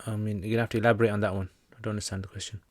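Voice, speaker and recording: A man's voice: fairly low pitch, flat delivery, rapid-fire, a little mellow, no room sound. A man with a British accent who teaches Islam, casually answering viewer questions on a livestream in a chatty, joking way with many fillers.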